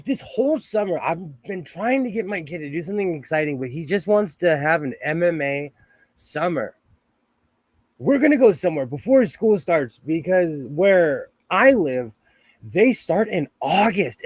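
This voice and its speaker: A chatty American man with a high-pitched voice hosts a sewing live stream from home. He talks slowly and playfully, laughing often. The sound is close and dry, with no room echo. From United States. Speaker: sewing livestream host. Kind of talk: casual live-stream chat.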